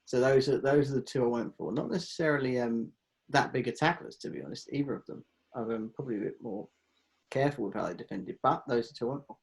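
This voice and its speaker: A man in casual conversation, relaxed and jokey, with a middle-range voice. He leads the talk and laughs easily. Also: medium pitch, fast, vocal fry, poor audio. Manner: laid-back banter, laughs often. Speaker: podcast host. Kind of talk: casual chat.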